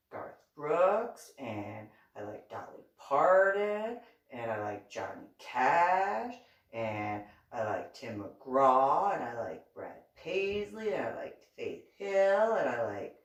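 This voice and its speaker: Recorded from a distance in an echoey room, a woman with a deep voice reads her diving memoir aloud and adds commentary. The reverend animatedly acts out each side of a dialogue, laughing a lot and starting over again and again.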